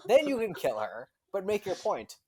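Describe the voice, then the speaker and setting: A man co-hosting a podcast, talking casually about a movie, hesitant at first and then animated. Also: high voice, moderate pace, breathy edge. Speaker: podcast co-host.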